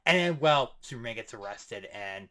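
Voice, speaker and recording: A man co-hosting a podcast film review, excitable and profane in casual chat. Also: medium pitch, moderate pace. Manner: excitable, swears, talks with enthusiasm.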